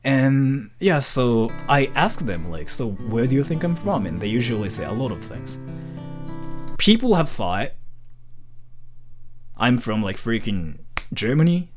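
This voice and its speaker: Young streamer from Japan with a mixed English accent; native Japanese speaker, animated and rambling, middle pitch, faint guitar underneath. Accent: unusual mixed English accent, hard to place. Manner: rambling and animated, says freaking often. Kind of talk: casual stream chat.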